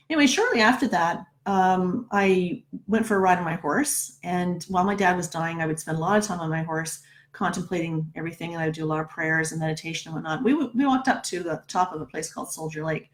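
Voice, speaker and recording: A woman's voice: lowish voice, brisk. A middle-aged woman, a numerologist, telling a personal story in a casual, chatty way, often checking in with "right?". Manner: chatty, keeps asking "right?".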